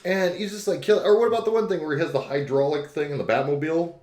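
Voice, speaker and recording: A man's voice: a little high, quick pace, darkish tone. A man co-hosting a podcast in casual chat, joking, laughing often and putting on mock outrage. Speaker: podcast co-host. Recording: roomy echo.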